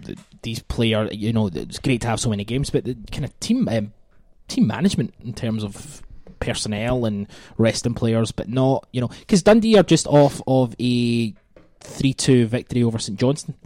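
Scottish man, young adult, podcast host, casual football banter, teasing, medium pitch, dry close sound. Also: moderate pace, darkish tone, dry recording. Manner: bantering, teasing, swears freely.

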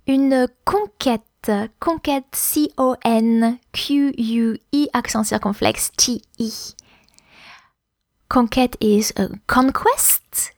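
A woman's voice: fairly high pitch, no room sound, studio quality. A woman with a French accent hosting a podcast language lesson, explaining words carefully and spelling them out letter by letter. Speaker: French teacher, podcast host.

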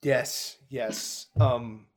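A man's voice: mid-range voice, fairly even intonation, drawn-out words. Male podcast co-host, mid-range voice, loose rambling delivery full of fillers. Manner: rambling, filler-heavy, laughs while talking. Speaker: podcast co-host and dungeon master. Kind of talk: casual podcast chat.

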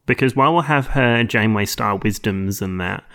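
A man's voice: on the low side, a little fast, fairly bright tone. A man co-hosting a podcast in casual chat, joking, laughing often and swearing freely. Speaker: podcast co-host.

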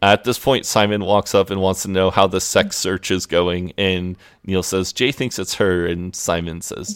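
A man's voice: sits low, fairly even intonation, normal speed, few pauses, smooth, dry recording, studio quality. A man co-hosting a podcast, casually retelling television scenes and quoting the characters' lines with frequent laughs. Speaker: podcast co-host. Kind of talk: casual recap chat.

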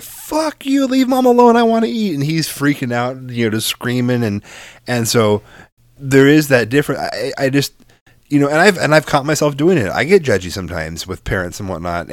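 A man's voice: mid-range voice, dry recording, studio quality. A young man co-hosting a casual podcast chat, telling stories in a rambling, profane way with many restarts. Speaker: podcast co-host.

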